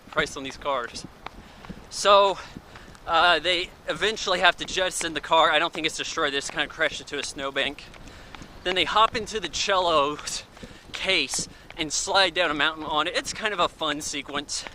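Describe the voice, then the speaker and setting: A man's voice: a little high, pushed and bright, a little hiss or hum, rough recording. A man giving a casual, rambling spoken film review in an offhand way. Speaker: movie reviewer.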